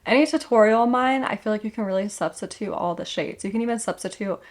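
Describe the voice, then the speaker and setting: A woman's voice: mid-range voice, fast talker. A young woman vlogger chatting casually through a makeup tutorial, rambling and correcting herself as she goes.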